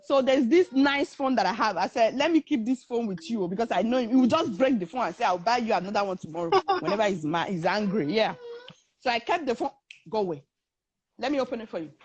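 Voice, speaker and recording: A woman's voice: on the high side, fast, slightly rough, no echo. A young woman, telling her own story in a casual talk and acting out the voices of the people in it. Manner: animated, acts out the voices of others in her story.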